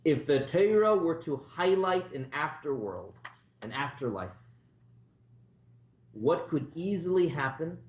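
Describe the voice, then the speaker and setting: Animated rabbi teaching in a roomy hall. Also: male voice, medium pitch. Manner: conversational, storytelling, asks the class questions. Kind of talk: informal Torah class lecture. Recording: roomy echo.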